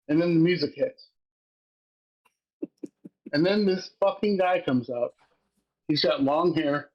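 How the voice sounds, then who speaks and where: A man co-hosting a wrestling podcast, recapping matches in casual, profane, excitable chat and laughing as he goes. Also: fairly high pitch, lo-fi sound.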